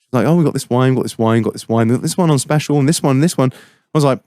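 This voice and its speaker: This podcast co-host has a medium-pitched, somewhat dark male voice and speaks at a racing clip. Trading casual banter with friends, he swears a lot, laughs, and mimics people mid-story. The audio is studio quality, free of any room sound.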